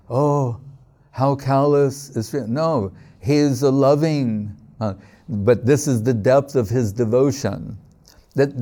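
Slow, mellow-voiced man giving a sermon. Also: mid-range voice. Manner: unhurried storytelling with scripture quotes and frequent "right?" checks. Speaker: speaker at a devotional gathering.

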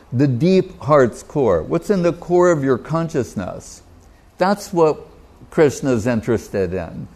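A man speaking as a spiritual teacher in a devotional talk, his voice sitting at an ordinary middle pitch. He talks in a reflective, unhurried way, pausing often and working Sanskrit verses into his explanation. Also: a little mellow. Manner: reflective, unhurried, with pauses and fillers.

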